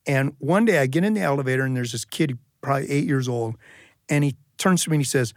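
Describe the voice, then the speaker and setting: A man's voice: medium pitch, quick pace, no echo, studio quality. A man telling a humorous personal story as a storyteller, acting out the voices of people in it. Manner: humorous, animated delivery with acted-out quotes. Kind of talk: live storytelling performance.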